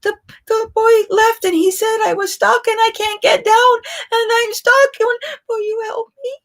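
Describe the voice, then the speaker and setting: A woman putting on a childlike, playful female faire character with a high, tearful, wailing voice. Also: normal speed, lightly acted. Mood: distressed. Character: childlike playful woman, a toddler-puppy at heart.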